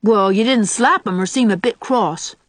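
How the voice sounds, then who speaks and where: A woman's voice: medium pitch, moderate pace, dry recording, close to an everyday voice. A woman reading the part of a defiant nine-year-old boy who talks back recklessly and boasts. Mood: bossy.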